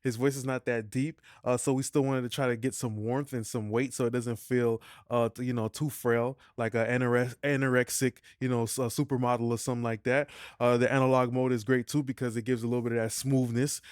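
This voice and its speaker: Smooth-voiced man hosting a mixing tutorial. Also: medium pitch, flat delivery, brisk, no room sound, clean studio sound. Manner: slangy, loose, peppered with "you feel me". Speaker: music mixing tutorial host. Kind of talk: casual tutorial talk.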